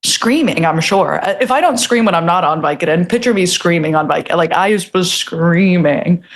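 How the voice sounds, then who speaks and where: A woman's voice: on the low side, lively intonation, normal speed. A young woman comedian with a New Jersey accent, telling stories in a casual podcast chat, laughing often and putting on exaggerated voices. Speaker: comedian guest.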